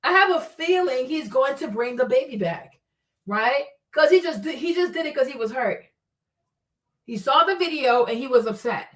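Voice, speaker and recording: Blunt, animated woman streamer, high voice. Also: moderate pace, distant mic. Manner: animated, blunt, rhetorical questioning. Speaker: livestream host. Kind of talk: livestream chat commentary.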